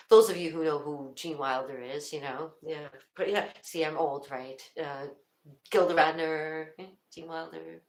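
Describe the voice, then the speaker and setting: A woman's voice: deep voice, a little slow. An older woman hosting a casual livestream, rambling and laughing often, with many restarts. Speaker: livestream host. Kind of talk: casual chat to viewers. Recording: echoey room.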